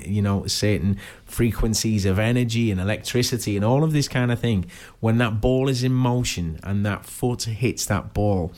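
With a lowish, slightly mellow voice, a man from around Liverpool chats casually as a guest. He rambles through stories and keeps asking "do you know what I mean."

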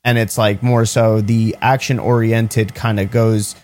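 A man's voice: fairly low pitch, flat delivery, unhurried, a little mellow. A man co-hosting a podcast in casual chat, hesitant and full of "like" fillers. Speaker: podcast co-host.

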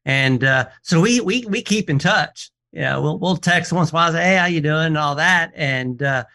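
A man's voice: a little high, moderate pace. A man who appraises watches, telling stories as a guest on a casual radio show, acting out the people in them as he goes. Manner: animated storyteller, quotes people in dialogue, frequent restarts.

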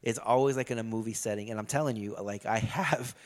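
A man's voice: fairly low pitch, quick pace. A middle-aged man in a casual chat, telling a long story loosely, with lots of fillers and swearing.

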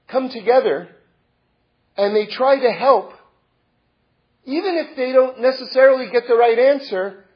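Halting, husky-voiced man telling a story. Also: high-pitched, muffled recording. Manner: halting, many repeated words and restarts; earnest, reflective. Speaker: speaker sharing a religious lesson. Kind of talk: personal storytelling talk.

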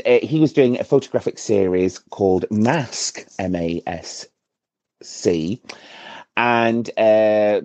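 A man's voice: on the low side, darkish tone, no echo. A camp man from Bradford, chattily and cheekily showing off in a voice message to a podcast. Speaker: listener leaving a voice note. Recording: dull, dry voice-note recording.

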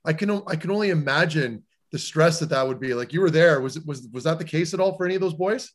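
Man, sports podcast co-host, ex-defenseman, relaxed conversational talk, slightly high voice. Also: quick pace. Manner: easygoing, conversational. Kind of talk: casual sports chat.

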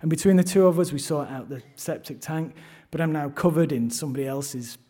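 A man's voice: on the high side, fairly quick, warm tone, slightly rough. Wry man telling a story. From London, England. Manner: self-deprecating, wry, frequent restarts. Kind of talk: live first-person storytelling. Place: theatre stage.

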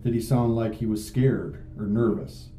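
A man's voice: medium pitch, fairly even intonation, moderate pace, mellow, faint music behind. A man working as a police detective, asking probing, repeated questions in a recorded interview. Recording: muffled echoey interview-room tape.

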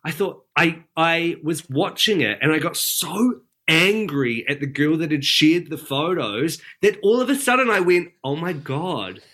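NZ male guest, bright tone, candid storyteller, relaxed chat. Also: a little high, measured pace, husky. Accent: New Zealand. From New Zealand. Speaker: guest, TV weather presenter. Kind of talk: casual podcast chat.

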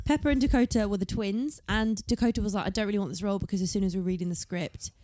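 A woman's voice: medium pitch, rapid-fire, mellow, no room sound, studio quality. A woman co-hosting a podcast, chatting casually through a recap and reading quotes from her notes. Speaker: podcast co-host.

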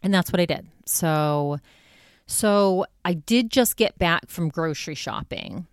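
Unhurried and smooth, this podcast host's voice sits on the low side, recorded in a clean studio with no room sound. In her casual solo monologue she speaks candidly about her week, peppered with "like" and "you know."

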